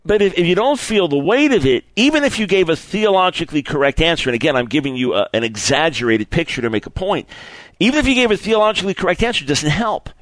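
A man preaching a sermon, his higher-pitched voice rising and falling with strong expression. He repeats key phrases for emphasis and acts out the people in his examples. The sound is close and dry. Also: very animated, fast, a bit bright, no room sound, rough recording. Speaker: preacher teaching on apologetics.

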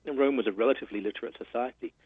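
A man from England with a British accent, speaking as a guest author in a radio interview, explaining in an earnest, measured way. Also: mid-range voice, breathy edge, dry recording. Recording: muffled phone line.

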